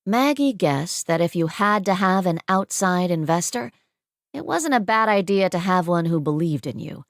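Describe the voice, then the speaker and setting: A woman narrates a romance novel in a steady, measured way. Her voice sits on the low side. She is recorded close on a studio mic, with a dry sound. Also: dry recording. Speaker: audiobook narrator. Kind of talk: scripted audiobook narration.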